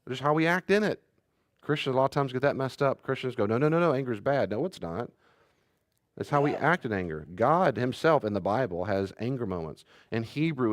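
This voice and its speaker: A man's voice: fairly low pitch, dry recording, clean studio sound. A pastor giving a conversational sermon, acting out short exchanges between parents and children and sometimes raising his voice for emphasis.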